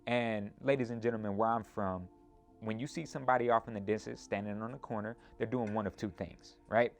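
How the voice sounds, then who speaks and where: Animated low-voiced man telling his story. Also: brisk, faint music behind. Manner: animated, speeds up in retellings, tag questions. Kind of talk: personal storytelling.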